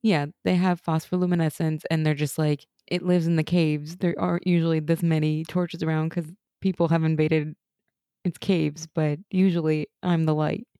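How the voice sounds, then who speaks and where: Woman, podcast co-host, low mellow voice, chatty, dry close sound. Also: little pitch movement, no echo. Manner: chatty, uses "like" often, quick laughs. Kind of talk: casual rewatch chat.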